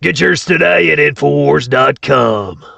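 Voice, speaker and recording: A man's voice: fairly high pitch, expressive, measured pace, gravelly, no echo, pitched below the performer's own voice, heavily acted. A man doing a bombastic conspiracy radio host. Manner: bombastic, rising to yells. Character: shouting male conspiracy radio host hawking supplements.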